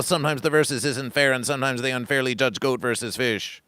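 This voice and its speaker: A man's voice: medium pitch, moderate pace, hardly any pauses, pushed and bright, no room sound. A man hosting a livestream, ranting in a grandiose, repetitive, preacher-like cadence. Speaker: livestream host. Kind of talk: rambling comic livestream monologue.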